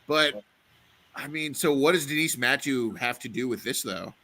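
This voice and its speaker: A man's voice: mid-range voice, normal speed, pushed and bright. Hesitant swearing young man. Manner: hesitant, swearing, frequent restarts. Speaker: panel guest. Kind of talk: casual online panel chat.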